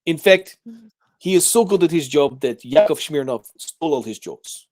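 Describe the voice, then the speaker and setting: A playful male co-host chatting on a livestream, his slightly high voice swooping up and down with lively energy. The sound is close and dry, with no room around it. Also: normal speed, dry recording. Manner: animated, playful, prone to silly voices. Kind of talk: casual livestream chat.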